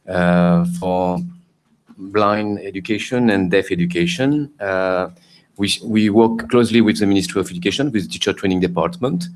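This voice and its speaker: Low-voiced hesitant male panelist. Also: normal speed. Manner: hesitant, many fillers and restarts. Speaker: panelist from Cambodia. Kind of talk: conference panel remarks.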